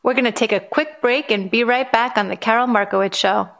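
A woman hosting a podcast, prompting her guest with short questions and quick responses. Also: a little high, vocal fry, fairly bright tone. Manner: brief backchannel responses. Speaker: podcast host. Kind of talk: interviewing.

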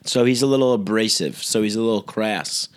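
A man's voice: fairly low pitch, brisk, slight background noise. A man delivering a rambling, profane, sarcastic political rant, full of restarts and fillers. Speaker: political commentator. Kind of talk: ranting monologue.

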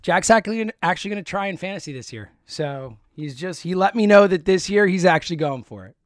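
A man with a fairly high voice chats about sports on a podcast, teasing and full of fillers, then jumping into loud bursts. The sound is dry and close. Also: animated, fast, dry recording. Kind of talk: casual sports chat.

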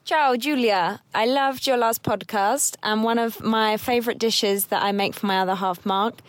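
A woman's voice: on the high side, moderate pace. A woman sending a friendly, slightly hesitant recorded message to a podcast host.

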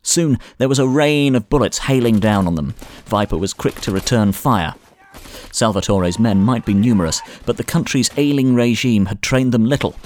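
A man narrating a thriller audiobook in a measured, dramatic style, recorded in a studio. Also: lowish voice, darkish tone.

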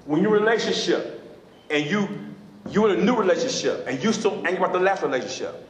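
Man, pastor, sermon, repetitive call-and-response, high voice, very echoey room. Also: expressive, quick pace, a crowd in the background. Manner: preachy call-and-response, repeats phrases. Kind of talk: sermon teaching.

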